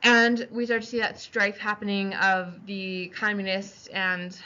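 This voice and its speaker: A woman giving a casual history lecture, chatty and animated, slipping into quick voices for historical figures. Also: medium pitch, lo-fi sound. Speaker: history teacher.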